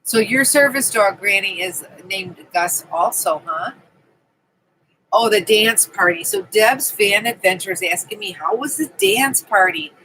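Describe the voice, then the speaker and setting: A woman's voice: medium pitch, expressive, measured pace, sharp tone, slight background noise, poor audio. A woman hosting a casual live stream from her camping trailer, chatting and greeting viewers by name. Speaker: livestream host.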